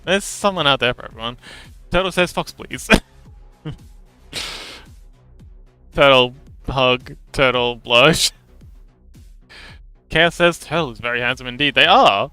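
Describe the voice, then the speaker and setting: A man's voice: mid-range voice, takes it slowly, long pauses, pushed and bright, clean tone, no echo, soft background music. A male livestream host reading viewer messages aloud and chatting back in a playful, casual way. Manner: chatty and playful, laughs often between remarks.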